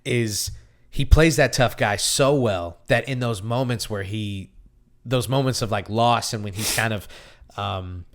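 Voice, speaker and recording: A man's voice: fairly low pitch, unhurried. A young man co-hosting a casual movie podcast, rambling with frequent restarts and easy laughter. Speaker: podcast co-host. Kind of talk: casual movie review chat.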